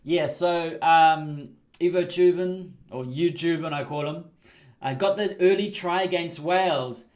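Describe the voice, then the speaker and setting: A chatty man talks over a rugby management game on a livestream. His voice sits high for a man. He laughs often and breaks into excited asides. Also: measured pace. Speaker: livestream host. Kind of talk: casual game commentary.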